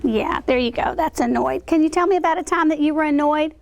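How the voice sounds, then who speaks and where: A woman's voice: high voice, fairly quick, vocal fry. A woman teacher in a classroom, teaching vocabulary to young children, asking questions and encouraging them to act out words.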